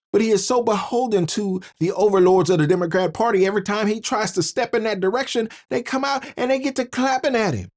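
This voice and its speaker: A man hosting a political commentary channel, preachy, with rhythmic repetition. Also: high-pitched.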